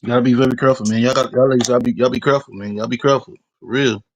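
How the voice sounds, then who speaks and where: Man, interviewee, halting repetitive delivery, mid pitch. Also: steady tone, dry recording. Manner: halting, repetitive, many restarts. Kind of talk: street interview storytelling.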